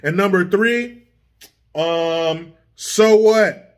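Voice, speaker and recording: A high-voiced man delivers a profane, combative political rant for his vlog. His tone is sarcastic and cutting, and he speaks from a home studio. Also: very slow. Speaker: vlogger, political commentator. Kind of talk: ranting political commentary vlog.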